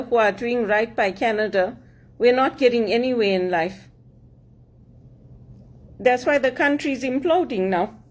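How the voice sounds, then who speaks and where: A woman speaking in a fairly high voice, with an accent that blends English and African sounds. She delivers an opinionated monologue in an earnest, emphatic way, hammering her points home by repeating them. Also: a little mellow. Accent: mix of English and African. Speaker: vlogger.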